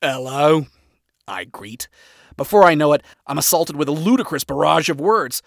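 A man reading a first-person story aloud, with sarcastic, profane, deadpan asides. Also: fairly high pitch, normal speed, creaky, dry recording, studio quality. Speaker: story reader.

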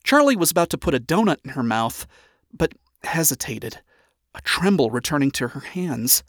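A man's voice: fairly high pitch, sing-song, normal speed, dry recording. Man narrating a story, dry sound.

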